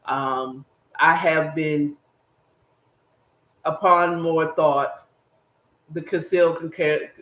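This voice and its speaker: A man's voice: on the high side, fairly bright tone. Rambling man in an echoey room. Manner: rambling, emphatic, speaks directly to the audience. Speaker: podcast host. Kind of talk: casual solo commentary to viewers.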